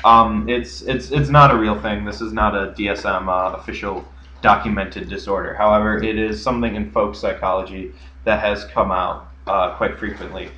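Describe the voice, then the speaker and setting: A man's voice: lowish voice, fairly even intonation, normal speed, sharp tone, a little hiss or hum. A young man co-hosting a casual podcast, telling stories with lots of fillers and restarts. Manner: rambling storyteller, many fillers. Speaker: podcast co-host. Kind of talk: casual chat. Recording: echoey room, dull lo-fi sound.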